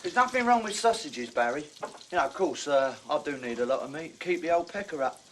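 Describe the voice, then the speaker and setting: An actor playing a cheeky, boastful builder in a TV comedy drama. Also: male voice, on the high side, expressive, brisk, fairly bright tone, slight background noise. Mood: cheeky boasting. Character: cocky womanising builder.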